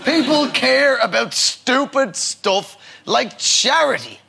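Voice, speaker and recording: A man argues flippantly in a high, bright voice with a gravelly edge. Soft audience sound behind. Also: lively intonation, takes it slowly. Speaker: comedian panelist. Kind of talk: comedy panel debate.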